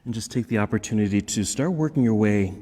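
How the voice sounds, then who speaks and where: A man's voice: on the low side, fast talker. Man cueing a yoga class, reverberant studio. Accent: American. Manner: calm instructive cueing, breath counts. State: slightly out of breath. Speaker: yoga instructor. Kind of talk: guided yoga class cues.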